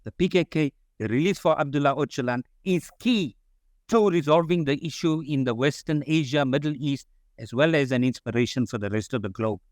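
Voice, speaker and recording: A man's voice: medium pitch, a little fast, no room sound, studio quality. A man giving formal closing remarks at a symposium, earnest and solemn, calling everyone comrade over a video call. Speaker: symposium speaker.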